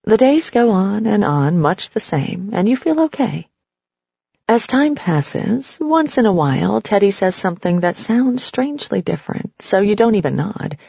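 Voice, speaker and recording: Casting: woman narrator, husky and gravelly, measured second-person telling, dull dry recording. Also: mid-range voice, big pitch swings, mellow, no echo. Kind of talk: scripted story narration.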